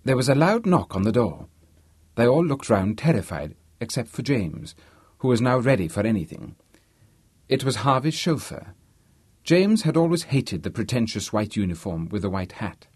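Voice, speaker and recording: Man, audiobook narrator, measured, expressive, lively pitch, husky, dry booth. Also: dry recording. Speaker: audiobook reader. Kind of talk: scripted narration.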